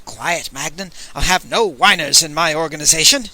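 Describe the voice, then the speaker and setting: A man voicing a pompous, smooth-talking male ambassador. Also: a little high, normal speed, bright, forceful tone, poor audio. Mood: placating. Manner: pompous, placating.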